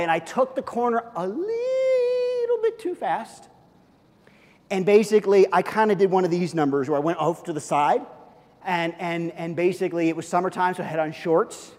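Middle-aged male pastor, high-pitched, chatty storytelling preacher, big reverberant church hall. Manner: animated storytelling, chatty with fillers. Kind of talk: sermon. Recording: long reverb of a large hall.

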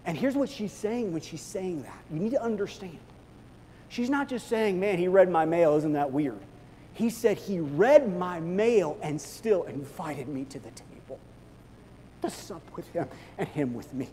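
High-pitched guy preaching, goes from quiet to loud, long hall echo. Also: a little slow, a little hiss or hum. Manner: animated, swings from hushed to loud, acts out quoted voices. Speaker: pastor. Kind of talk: sermon. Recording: long reverb of a large hall.

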